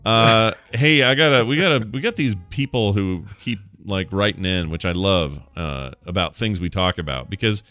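Low-voiced man hosting a jokey podcast. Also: normal speed, few pauses, bright, forceful tone, dry recording, soft background music. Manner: jokey, rambling, laughs often. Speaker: podcast host. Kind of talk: casual chat.

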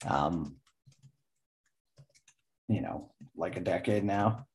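A man's voice: low voice, very slow, a little mellow. A man co-hosting a casual sports podcast, talking in a laid-back way with lots of fillers and sounding tired. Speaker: podcast co-host.

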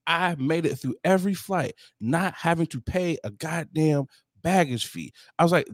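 A man's voice: on the high side, moderate pace, no room sound, studio quality. A man co-hosting a casual podcast, telling travel stories with lots of laughter and acting out the other people's lines. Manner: animated storyteller who acts out the other people's lines and laughs often. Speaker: podcast co-host. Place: home to Detroit.

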